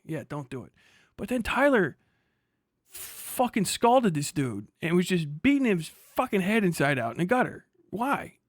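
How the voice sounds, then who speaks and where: A man's voice: high-pitched, very animated, normal speed, no echo, studio quality. A man streaming live, ranting bluntly and profanely in a heated reaction.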